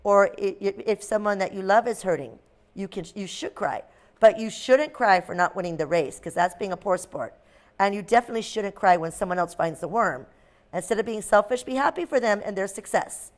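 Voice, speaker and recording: A woman voicing a patient mother crow gently explaining when it is okay to cry. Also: mid-range voice, fairly quick, lightly acted. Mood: gently lecturing.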